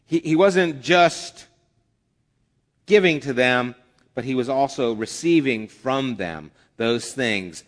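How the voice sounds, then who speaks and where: A man's voice: medium pitch, expressive, takes it slowly. A man preaching a conversational sermon as a pastor, with acted asides. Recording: long hall reverb.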